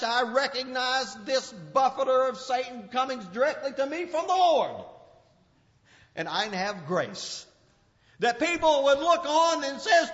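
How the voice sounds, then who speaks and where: High-pitched preacher guy, really lively swoopy delivery, shouts then goes quiet, muffled old recording in a big echoey hall. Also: a little slow. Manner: impassioned, swinging from loud outbursts to low murmurs. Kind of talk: sermon. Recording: dull lo-fi recording with long hall reverb.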